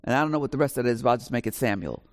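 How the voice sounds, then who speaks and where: A woman in her sixties shares her family story on stage at a live panel. She is from New York and speaks with lively, animated energy. She acts out the dialogue as she goes. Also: very deep voice, racing. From New York, USA. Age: 60s. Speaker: author on a panel. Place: college auditorium with a live audience.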